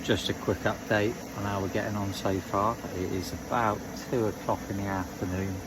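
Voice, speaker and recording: A man chatting casually as he vlogs a fishing trip, joking around in a relaxed way. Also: on the low side, normal speed. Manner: chatty, jokey, laid-back. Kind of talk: casual vlog chat. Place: outdoors and in a car. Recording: lo-fi with noise.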